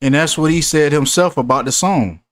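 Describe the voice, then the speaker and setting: A man's voice: fairly high pitch, moderate pace, a bit bright, no echo. Man preaching over close dry mic. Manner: preachy, repeats himself for emphasis. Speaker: host. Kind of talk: casual commentary.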